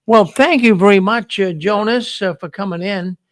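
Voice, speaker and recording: A man's voice: high-pitched, normal speed, a bit bright, no room sound. A man with a Boston accent hosting a call-in show, talking in a friendly, repetitive way with frequent stammering restarts. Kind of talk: casual call-in show chat.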